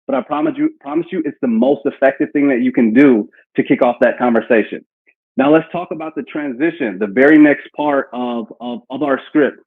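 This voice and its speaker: A man's voice: mid-range voice, brisk, breathy edge. A man running a live sales training session, coaching a team on cold-call lines and acting out example phone talk. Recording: tinny phone-like call audio.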